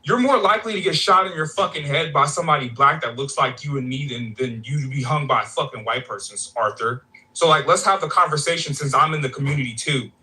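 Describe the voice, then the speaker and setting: A man's voice: a little high, quick pace, bright, forceful tone, rough recording. A man jumping into a heated panel debate, exasperated and swearing. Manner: exasperated, profane.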